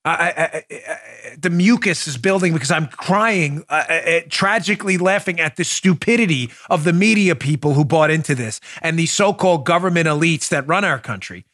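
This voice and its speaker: A man's voice: a little high, moderate pace, few pauses, no echo, studio quality. A man hosting a political talk show, mocking his targets with sarcasm and acted-out scenes. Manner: sarcastic, animated, acts out scenes.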